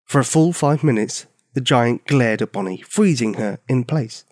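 A man reads a children's story with a very lively, rising and falling voice, slowing down and speeding up for effect. The sound is dry and close to the mic, with a mid-range pitch. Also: dry recording. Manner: expressive, varied pacing. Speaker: narrator.

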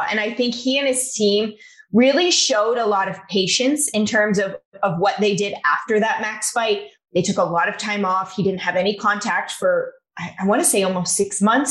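A woman sports reporter as a guest, chatting casually and giving thoughtful, measured analysis. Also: mid-range voice, fairly bright tone, reverberant, low-quality recording. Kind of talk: casual interview chat.

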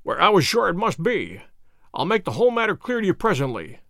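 A man reading the part of a sharp, cool male detective with a curt, commanding manner. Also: sits high, big pitch swings, a little fast, vocal fry, dry recording, clean studio sound, heavily acted.

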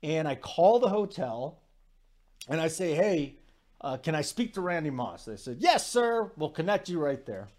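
A man in his forties hosting a sports talk show, telling stories in a rambling, animated way with lots of asides. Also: on the high side, measured pace. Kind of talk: casual sports talk monologue.

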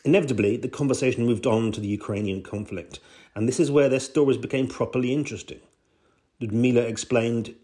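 A man's voice: mid-range voice, a little fast, mellow. A man reading his own first-person travel essay aloud in a dry, understated way. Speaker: essay reader.

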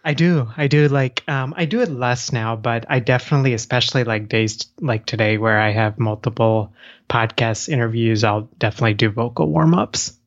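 Male interview guest, earnest and halting, slightly muffled dry audio. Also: mid-range voice, no echo. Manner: earnest, restarts often, laughs lightly. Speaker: podcast guest, clinician. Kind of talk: casual interview chat.

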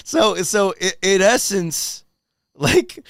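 A man hosting a casual chat, playful and quick to laugh. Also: high-pitched, no room sound, clean studio sound. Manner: animated, playful, laughs often. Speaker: podcast host.

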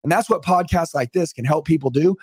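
A man's voice: a little high, fairly quick, breathy edge, no room sound, studio quality. A middle-aged man telling his story as a podcast guest on a call, emphatic and motivational. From United States. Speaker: podcast guest, sales trainer. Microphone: remote call.

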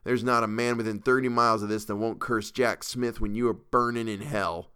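A man voicing a contemptuous frontier vigilante who threatens a captive with slow, scornful words. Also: fairly low pitch, fairly even intonation, pushed and bright, clean tone. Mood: scornful menace.

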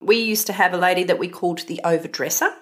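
A woman with an Australian accent, co-hosting a podcast and telling wry, deadpan stories in casual chat. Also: on the low side, fast. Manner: wry, storytelling, deadpan asides. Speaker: podcast co-host.

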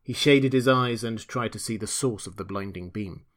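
A man narrating a classic novel as an audiobook, in a measured, dramatic storytelling manner. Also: fairly low pitch.

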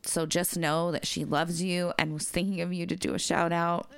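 A woman's voice: on the low side, flat delivery, moderate pace, creaky, fairly bright tone, clean tone, no echo. A woman co-hosting a podcast in casual, sweary, jokey chat, reading listener messages aloud. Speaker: podcast co-host.

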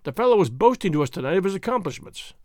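A man's voice: high-pitched, very animated, fast, darkish tone, no room sound, studio quality. A man voicing a polite, timid older nobleman who talks courteously and gets flustered.

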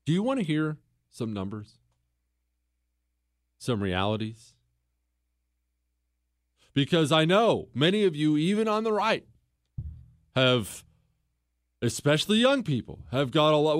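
Male talk host, slightly high voice, emphatic storyteller, dry close recording. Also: sing-song, a little slow, long pauses, no room sound. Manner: storytelling, mimics others in quotes, emphatic repetition. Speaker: podcast host. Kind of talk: opinionated monologue.

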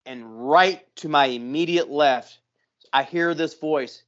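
This podcast co-host has a slightly high voice and a measured pace as he tells a long, casual story. Animated and profane, he curses often and performs the people in the tale. His audio comes through muffled and lo-fi.

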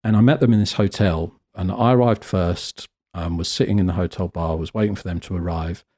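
A British man telling a lively, self-deprecating story as a guest photographer in a casual interview. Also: sits low, brisk, husky. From Britain. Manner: animated, self-deprecating, acts out quotes.

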